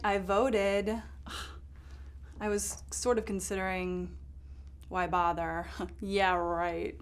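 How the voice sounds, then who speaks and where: An actress playing a ditzy, self-absorbed lifestyle correspondent in a comedy sketch, rambling through a story with lots of fillers. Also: female voice, mid-range voice, a bit bright, close to an everyday voice. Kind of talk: improvised comedy sketch monologue.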